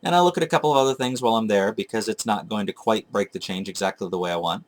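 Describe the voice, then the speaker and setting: A man with a lowish voice talks quickly, spinning a long, wandering tale about tracking down old video games. He's a retro game collector vlogger, chatting casually to his viewers and correcting himself along the way in a rambling, to-camera storytelling style.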